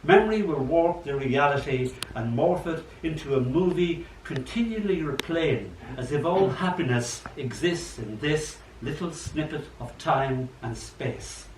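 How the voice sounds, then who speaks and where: Older guy, slightly high voice, animated poetry reading with a faint hum behind. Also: unhurried, few pauses. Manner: chatty, animated storyteller who acts out quotes. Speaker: poet. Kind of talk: poetry reading at an open mic. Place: old library room. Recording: echoey room, mic far off, faint hum.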